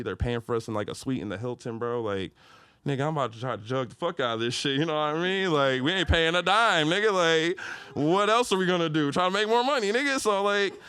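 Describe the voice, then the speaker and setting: A young Detroit man, appearing as a podcast guest, tells a story in casual slang and breaks into loud, high-pitched retellings. His voice is smooth with no echo.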